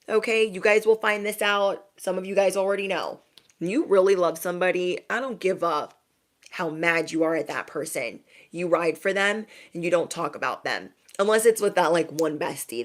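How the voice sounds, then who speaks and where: A young woman tarot reader telling a story in casual chat, animated and slangy. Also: lowish voice.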